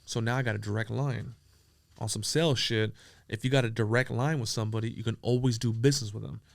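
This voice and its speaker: A man from San Diego telling profane, animated stories as an interview guest, acting out the dialogue he quotes. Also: medium pitch, quick pace, vocal fry, no echo. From San Diego, USA. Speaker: entrepreneur guest. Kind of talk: casual storytelling interview.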